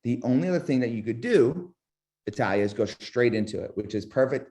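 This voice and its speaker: A man's voice: mid-range voice, fairly quick. A man coaching a webinar on sales calls, modeling tone of voice and quizzing his audience. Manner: lively, demonstrates vocal tonality, asks audience questions. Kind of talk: webinar instruction with demo calls.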